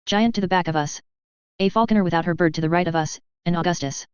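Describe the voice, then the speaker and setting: A woman narrating a novel in the first person, in a steady, tense storytelling voice. Her voice is very clear and sits a bit low. The recording is close and dry, with a slightly dull, muffled top end. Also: fast talker, no echo. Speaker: audiobook narrator.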